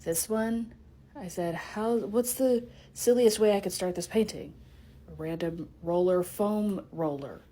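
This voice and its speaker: A young woman talks through her artwork in a bubbly, chatty vlog style, often cutting herself off mid-thought. Her voice is mellow and a little husky, never sharp. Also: mid-range voice, a little slow. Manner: bubbly, chatty, self-interrupting. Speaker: artist vlogger. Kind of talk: casual vlog narration.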